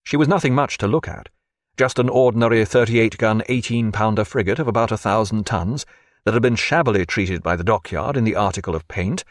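A man reading a historical sea novel aloud as narrator, with an expressive storytelling delivery. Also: lowish voice, brisk, dry recording, studio quality. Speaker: audiobook narrator. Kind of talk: scripted narration.

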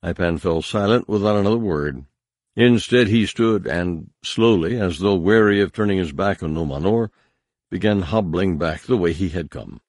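Man, audiobook narrator, measured storytelling, very deep voice, dry close sound. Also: a little mellow, no echo. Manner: measured storytelling with harsh commanding dialogue. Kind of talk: scripted narration.

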